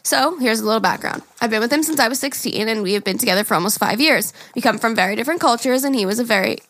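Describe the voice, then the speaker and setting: A woman co-hosting a casual podcast, her voice pitched a little high for a woman. She talks frankly and with some teasing, and she reads listener emails aloud steadily. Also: quick pace, a bit bright. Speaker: podcast co-host.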